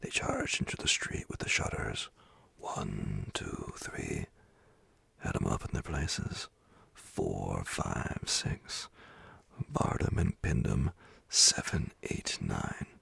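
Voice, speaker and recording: A man tells a bedtime story in a soft whispered role-play. His whisper is deep, gravelly and very breathy. The pace is slow and the sound is dry and close. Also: very animated, dry recording.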